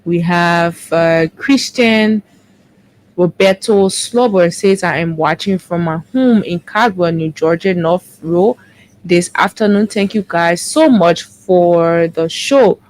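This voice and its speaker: A woman, co-hosting a morning show and briskly reading out viewer comments, correcting herself as she goes. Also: fairly low pitch, a little mellow, slight background noise, rough recording. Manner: brisk, with quick self-corrections.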